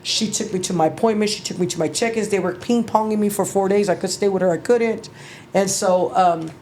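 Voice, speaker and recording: A middle-aged woman, an interview guest, telling her story in a halting, emotional way, with restarts and casual swearing. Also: medium pitch, darkish tone, a little hiss or hum. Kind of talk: personal storytelling.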